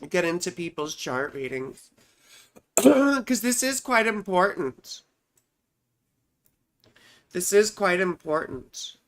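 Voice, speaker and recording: An astrologer hosts a casual livestream from home, her low-sitting voice a bit bright. She is chatty and rambling, constantly tagging her explanations with little check-ins like "you see" and "right."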